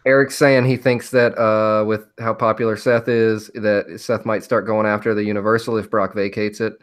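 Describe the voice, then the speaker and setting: A man's voice: on the low side, little pitch movement, moderate pace. A man hosting a casual podcast chat, steadily going through a list of picks. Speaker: podcast host.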